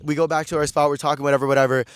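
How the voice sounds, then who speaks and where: A man's voice: on the high side, flat delivery, very fast, clear, resonant tone. A young man in his twenties hosting a podcast, telling a story in casual, slangy chat full of "like.". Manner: chatty, slangy, peppered with "like". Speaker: podcast host.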